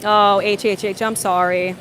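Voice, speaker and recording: A woman's voice: mid-range voice, flat delivery, unhurried, fairly bright tone, slight background noise. A woman hosts a casual livestream, answering viewer comments and telling rambling stories full of fillers and restarts. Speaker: livestream host.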